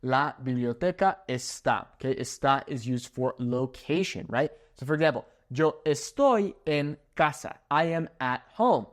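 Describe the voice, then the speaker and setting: A man's voice: mid-range voice, expressive, a little slow, hardly any pauses. A young man teaching a language lesson at a whiteboard, upbeat and joking, checking in with "okay?" as he goes. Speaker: Spanish teacher.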